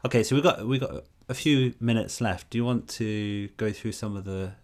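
A man co-hosting a podcast, telling a story in a casual conversational way, with animated stops and restarts. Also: lowish voice, moderate pace. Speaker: podcast co-host.

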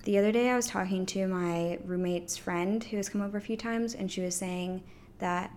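A woman in her twenties co-hosting a podcast, talking casually in a flat, monotone way. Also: medium pitch, normal speed. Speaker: podcast co-host. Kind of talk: casual chat.

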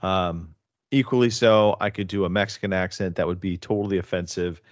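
A man hosting a casual podcast chat, joking and teasing, with halting restarts. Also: low-pitched, fairly even intonation, dry recording, highs cut off. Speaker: podcast host.

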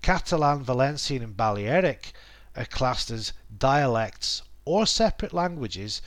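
A middle-aged man hosting a language podcast, talking through a lesson in a thoughtful, self-correcting way with many pauses and asides. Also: mid-range voice, big pitch swings, a bit bright. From England. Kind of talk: reflective spoken lesson.

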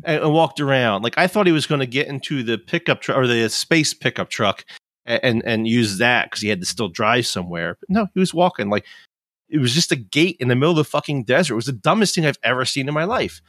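A man's voice: mid-range voice, expressive, fast talker, fairly bright tone, no room sound, clean studio sound. A man in his fifties, chatting casually and ranting in frustration, swearing freely. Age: 50s. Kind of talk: casual chat.

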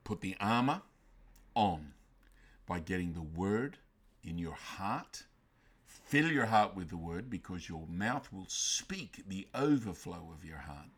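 A male pastor preaching a sermon emphatically, swinging from loud bursts down to quiet, intense lines. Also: low-pitched, animated, slow, breathy edge.

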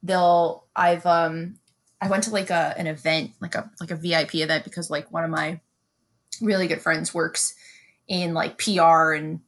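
A young woman with a slightly low voice, chatting as a podcast co-host. She tells stories with lots of energy and plenty of swearing. She slips into quick impressions of the people in her stories. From Brooklyn, New York. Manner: animated storytelling, swears freely, mimics others. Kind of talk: casual chat.

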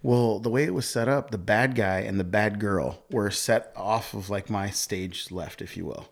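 Man, young adult, actor guest on a podcast, low voice, gravelly fry, animated storytelling, laughs often, casual chat. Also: moderate pace.

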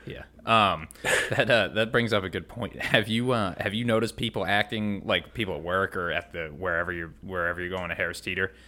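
A man's voice: sits low, fairly even intonation, fairly quick, pushed and bright. A young man chatting casually on a podcast, rambling through a story with lots of ums and laughs. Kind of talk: casual chat.

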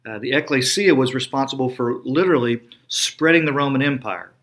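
A middle-aged man, a pastor giving sermon-style podcast teaching with an emphatic preaching cadence, slowing down on stressed words. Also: mid-range voice, a bit bright.

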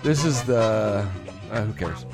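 A man's voice: lowish voice, lively intonation, slow, vocal fry, music in the background. A man hosting a morning radio show, talking in a rambling, playful way that keeps interrupting itself. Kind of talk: casual radio banter. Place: radio studio.

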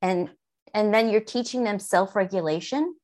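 A middle-aged woman talking through calming techniques in a relaxed conversation. Her pitch sits in the middle range, and her delivery stays calm and patient. She teaches gently, without hurry. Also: moderate pace. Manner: calm, gently instructive, models soothing talk to a child. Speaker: guest expert on mindfulness. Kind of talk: conversational explanation.

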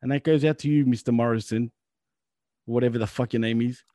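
A man's voice: mid-range voice, fairly even intonation, a little fast, warm tone, no room sound. A man, chatting casually as a podcast co-host, swearing often and joking with a laugh. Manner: profane, laughing, joking banter. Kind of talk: casual chat.

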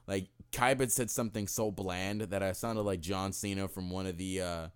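A man's voice: low-pitched, normal speed, clean tone. A young man co-hosting a podcast in a casual, profane, joking chat. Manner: animated, profane, jokey. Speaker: podcast co-host.

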